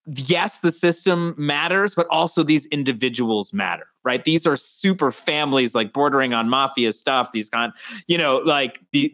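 Male guest author from Westchester, medium pitch, thoughtful, hedging interview talk. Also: fairly bright tone. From Westchester, New York. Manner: thoughtful, hedging with "sort of" and "right?".

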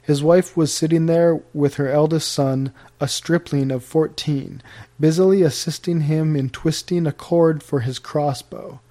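A man narrating period fiction as an audiobook, in a measured, formal storytelling manner. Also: a little high, fairly even intonation, dark tone.

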